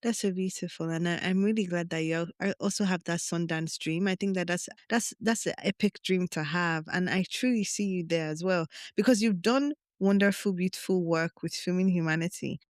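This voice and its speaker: A woman's voice: on the low side, fairly quick, few pauses, no echo, clean studio sound. A woman podcast host in a casual interview, speaking in an affirming, encouraging way.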